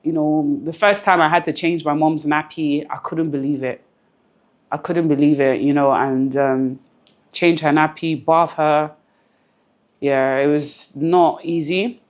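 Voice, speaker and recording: Woman with a really low voice, earnest interview talk, keeps repeating herself for emphasis. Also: steady tone, measured pace. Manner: close to tears at times. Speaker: interview guest. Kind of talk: emotional personal interview.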